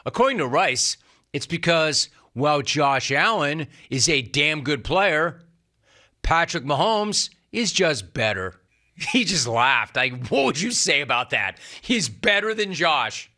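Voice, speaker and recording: A man's voice: a little high, very animated, measured pace, pushed and bright. A middle-aged man hosting a sports talk show, delivering an emphatic, sarcastic monologue and repeating lines for punch. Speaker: sports radio host.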